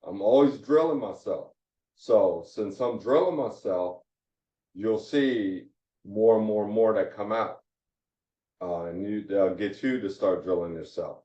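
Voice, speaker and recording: Guy teaching hebrew phonics real slow, far off the mic in an echoey room. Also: fairly low pitch, a little mellow. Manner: slow, repetitive drilling of syllables. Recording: roomy, distant, dull lo-fi sound.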